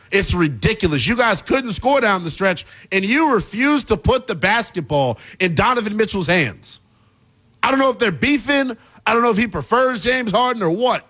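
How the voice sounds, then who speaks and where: Exasperated and animated, a male basketball talk show host rants with plenty of emphasis. His voice is pitched high, captured by an earpiece mic in the studio.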